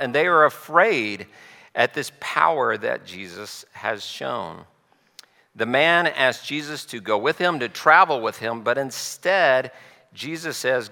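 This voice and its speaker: Bright-voiced male pastor in a reverberant hall. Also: medium pitch, creaky. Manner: conversational, explanatory storytelling with pauses. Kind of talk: sermon.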